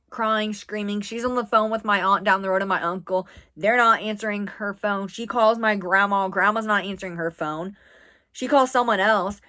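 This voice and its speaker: A woman in her twenties from the US East Coast, telling a personal story to camera in a casual, rambling way, with lots of "like" and quick asides. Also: mid-range voice, pushed and bright. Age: 20s. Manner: chatty, rambling with frequent "like". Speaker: vlogger.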